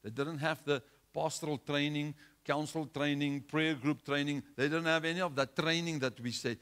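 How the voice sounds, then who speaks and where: A man's voice: fairly high pitch, steady tone, fairly quick, few pauses, fairly bright tone. A man preaching a sermon, exhorting his listeners with repetition and restarts.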